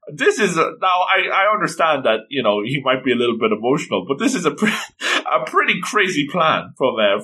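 A man casually retelling an anime episode, animated and slipping into quoted lines. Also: medium pitch. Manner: animated, quoting characters in passing. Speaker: anime recap commentator.

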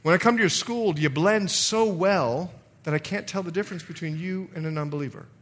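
A middle-aged man, a pastor, preaching a sermon in an animated way, acting out quotes and laughing often. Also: high voice, fairly quick, slight background noise.

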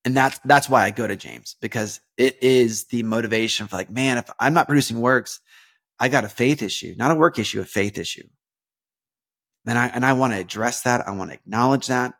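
A young man with a gravelly, mid-pitched voice talks through a devotional podcast episode. His delivery is loose and earnest, with stacked fillers, false starts and sudden animated bursts. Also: fairly quick. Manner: rambling and earnest, many fillers and restarts, bursts of animated emphasis. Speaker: podcast host. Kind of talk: casual devotional podcast talk.

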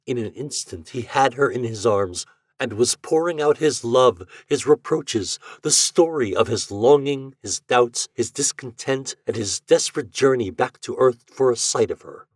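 A man reading a story aloud as a guest, with a measured, expressive narration. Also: medium pitch, slightly rough, no room sound, clean studio sound. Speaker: guest reader.

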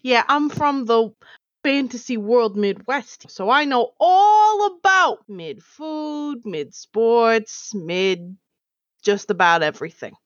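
Woman tabletop player, bubbly and playful, slightly high voice, dull lo-fi mic. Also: animated, slow, dry recording. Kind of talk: tabletop play.

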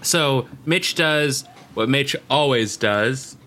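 A man's voice: medium pitch, slow pace, pushed and bright. A man co-hosting a podcast, recapping a TV episode in casual, joking chat from his notes. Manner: joking, chatty, reads from notes. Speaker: podcast co-host.

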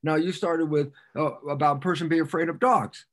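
A man speaking as a guest scientist on a podcast, an animated storyteller who repeats phrases for emphasis and acts out little exchanges. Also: on the high side, brisk. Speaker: podcast guest, cell biologist. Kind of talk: explanatory interview talk.

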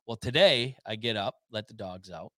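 A man's voice: fairly low pitch, moderate pace, a bit bright, dry recording. Rambling man chatting, many fillers. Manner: rambling storyteller, many fillers and restarts, laughs often. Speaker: podcast co-host. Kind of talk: casual chat.

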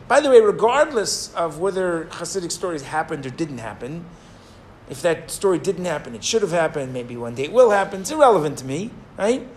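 Animated high-voiced male storyteller. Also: fairly quick, a little hiss or hum. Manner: animated, digressive storytelling, acts out the people in his stories. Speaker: rabbi teaching. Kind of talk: storytelling in a Torah class.

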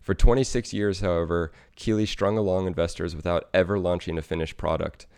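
A man presenting a segment in scripted narration, measured and wry as he tells a history. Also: low-pitched, fairly even intonation, a little mellow, smooth, dry recording, studio quality.

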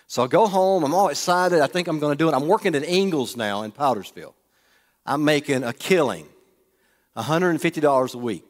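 Folksy preacher in a hall. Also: male voice, fairly high pitch, lively intonation, brisk. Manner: folksy, asks the audience questions. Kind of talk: humorous storytelling sermon. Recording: long reverb of a large hall.

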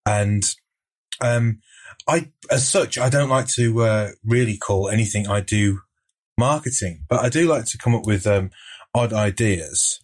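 A man's voice: fairly low pitch, unhurried. A man with a Birmingham accent telling dry, self-mocking stories in casual podcast chat. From England. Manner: dry self-mocking storyteller with frequent laughs. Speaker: podcast co-host.

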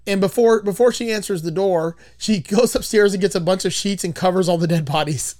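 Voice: medium pitch, fairly quick, darkish tone, no room sound, clean studio sound. A podcast host casually retelling a movie's plot, rambling with frequent swearing.

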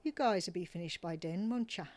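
A woman's voice: on the low side, normal speed, darkish tone, close to an everyday voice. A woman voicing a big, swaggering male brothel boss with a murmured, laid-back island drawl, read aloud as part of a story. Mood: easygoing.

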